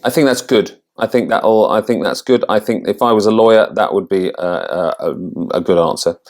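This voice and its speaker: A man working as an accent coach, thinking aloud as he rates quiz answers, with halting restarts. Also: on the low side, darkish tone. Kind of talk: casual commentary on a quiz.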